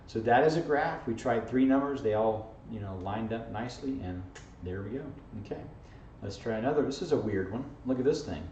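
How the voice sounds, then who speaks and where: A man's voice: mid-range voice, lively intonation, fairly quick, dark tone. A man teaching an algebra lesson in a jokey, playful way, constantly checking in with "okay?" and "right?", recorded in a classroom from across the room. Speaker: math teacher. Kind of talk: informal video math lesson. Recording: echoey, distant, dull camera audio with faint hiss.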